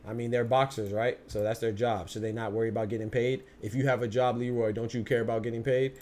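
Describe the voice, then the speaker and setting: Dude hosting a boxing stream, chatting loose and slangy, reads chat out, stumbles and repeats himself, mid pitched. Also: male voice, level tone, fast, a little mellow, slight background noise. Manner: slangy, repeats words while thinking. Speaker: boxing podcast host. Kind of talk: casual livestream talk, reading viewer chat.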